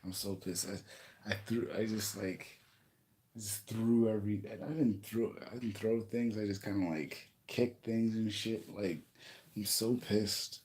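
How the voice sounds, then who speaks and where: Slow, angry, swearing man venting. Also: lowish voice, steady tone, a little mellow. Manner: angry, profane venting with halting restarts. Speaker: YouTuber. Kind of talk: casual vlog rant. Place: indoors in a rented home.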